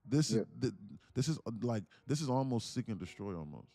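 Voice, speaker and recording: A man's voice: medium pitch, animated, quick pace, warm tone, dry recording. A man hosting a live trading stream, chatting loosely with lots of fillers and chuckles. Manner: rambling, laughs through stories, many fillers. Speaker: livestream host, day trader. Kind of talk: casual live-stream chat.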